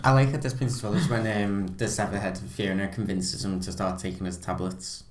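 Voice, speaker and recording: Guy gushing about a movie, fairly low voice, roomy sound. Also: brisk. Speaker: podcast co-host. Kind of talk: casual film review chat.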